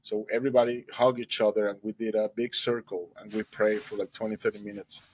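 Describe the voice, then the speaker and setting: A man's voice: on the low side, level tone, brisk, a little mellow, a little hiss or hum, poor audio. A man telling his own story of a near-death rescue as an earnest personal testimony, speaking with emotion and simple non-native grammar.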